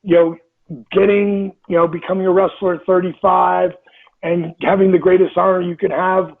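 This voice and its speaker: A man's voice: high-pitched, flat delivery, moderate pace, vocal fry. A man in his sixties giving a motivational interview, emphatic, repeating phrases and acting out inner voices. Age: 60s. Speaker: interview guest. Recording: tinny phone-like line.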